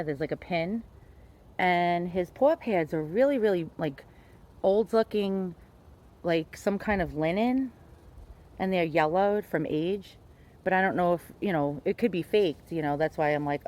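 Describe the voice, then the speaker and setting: Chatty New York woman, lowish voice. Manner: chatty, hesitant, many fillers. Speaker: collector showing a teddy bear. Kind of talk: casual show-and-tell vlog. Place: outdoors, then indoors at home.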